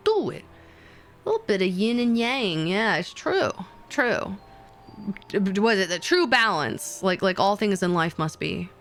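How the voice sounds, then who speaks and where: A woman's voice: medium pitch, fairly bright tone, clean tone. A young adult woman chatting casually with her stream viewers, playful and teasing, swearing and laughing often. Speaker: VTuber streamer.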